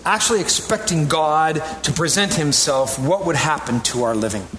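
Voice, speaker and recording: Animated man preaching a sermon. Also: a little high, moderate pace, background noise. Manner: animated, rising to emphatic peaks; conversational asides to the congregation. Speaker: pastor.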